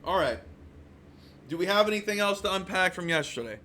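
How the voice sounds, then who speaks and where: Casting: chatty betting podcast host, bright, slightly high voice. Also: male voice, lively intonation, brisk, slight background noise. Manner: chatty, teasing, tells stories. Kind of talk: casual podcast banter.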